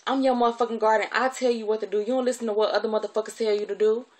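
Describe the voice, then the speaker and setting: A woman voicing a harsh, domineering woman guardian who yells and swears while scolding a child. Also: on the high side, fairly even intonation, very fast, voice pushed up, close to an everyday voice. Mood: furious. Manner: yelling, profane scolding.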